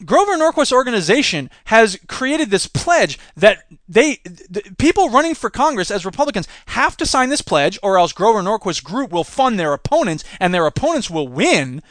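A man hosting a podcast, giving animated political commentary and mocking the people he quotes. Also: high voice, normal speed, few pauses, dry recording. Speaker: podcast host.

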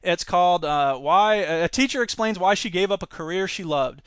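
Bright-voiced ranting male podcaster. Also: high-pitched, moderate pace, smooth, dry recording. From United States. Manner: sarcastic, ranting, mocks with put-on voices. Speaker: podcast host. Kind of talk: opinionated solo commentary.

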